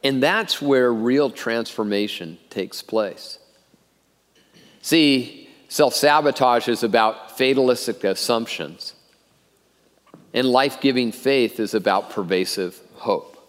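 Middle-aged male pastor, earnest sermon delivery, mid-pitched voice, church hall with long reverb. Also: slow. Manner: earnest, repeats words when starting phrases. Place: church auditorium.

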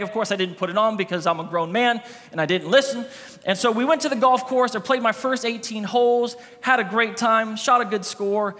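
A man's voice: sits high, a bit bright. A man in his thirties, a campus pastor, preaching a sermon and telling a funny personal story, acting out the dialogue. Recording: long hall reverb.

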